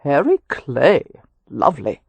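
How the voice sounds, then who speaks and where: A man's voice: on the high side, wildly swooping pitch, measured pace, creaky, husky, no echo, heavily acted. A man voicing Leo, a flippant witty aristocrat.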